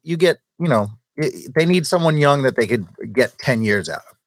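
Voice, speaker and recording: A man in a casual chat, jokey and animated, often restarting sentences. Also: medium pitch, normal speed, no echo.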